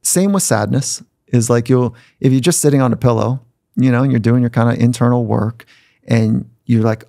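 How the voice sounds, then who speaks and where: Telling personal stories as a podcast guest, a man keeps things reflective and conversational, sometimes voicing the people he quotes. His medium-pitched voice is warm and creaky, at a normal speed. The studio sound is clean, with no echo.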